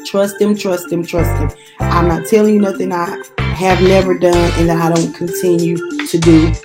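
A woman's voice: on the low side, level tone, moderate pace, over music. A woman pastor hosting a devotional podcast, preaching informally, talking straight to her listeners, repeating phrases for emphasis and laughing often. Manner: addresses listeners directly and casually.

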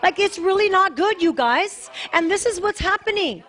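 Preaching to her congregation, a woman pastor uses a notably high, somewhat bright voice with lively intonation and a moderate pace. Her style is easy and conversational, yet she presses each point emphatically and repeats key phrases again and again.

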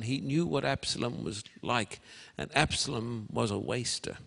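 A man preaching a sermon in a deliberate, dramatic manner, with pauses between phrases. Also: mid-range voice, animated, vocal fry, fairly bright tone. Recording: long hall reverb.

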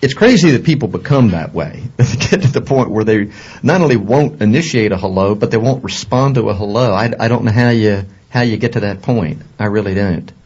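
A man's voice: on the low side, fairly quick, a little mellow, slightly rough. A man co-hosting a radio talk show, dry and skeptical, arguing his points. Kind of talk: casual on-air chat. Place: radio studio. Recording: dull lo-fi radio recording.

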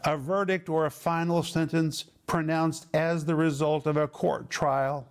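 Guy teaching bible verses, kinda high voice, slows down hard on the big words. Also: little pitch movement. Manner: emphatic, stretches key words slowly; explains Greek word meanings.

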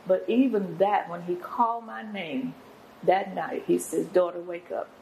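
Older woman, guest pastor; low and gravelly, preacherly storytelling. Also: a little slow, dull audio, slight background noise. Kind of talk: testimony in an interview.

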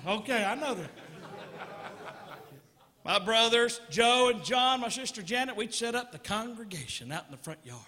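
Animated Southern comedian, very high voice. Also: male voice, long reverb tail. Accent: Southern American. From Georgia, US. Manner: animated storytelling, teasing the crowd. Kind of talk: stand-up comedy.

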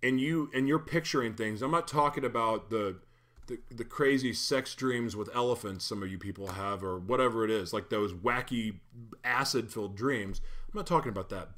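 A man preaching a sermon in a relaxed, conversational way, with playful asides and lively shifts in energy. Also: medium pitch. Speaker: pastor. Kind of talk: casual sermon.

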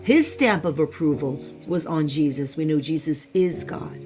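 A woman's voice: deep voice, expressive, moderate pace, a little mellow, soft background music. A woman teaching the Bible online, fervent and repeating phrases for emphasis.

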